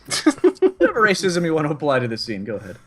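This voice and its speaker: A man's voice: fairly high pitch, fast, heavy background noise. A man chatting casually and laughing often while he explains his moves in a tabletop story game. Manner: laughing, relaxed.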